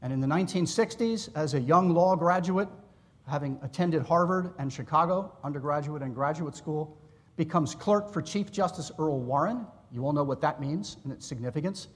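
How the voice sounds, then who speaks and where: A man giving an academic lecture, explaining history in a measured way with asides to his listeners. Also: a little high. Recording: long reverb in a hall.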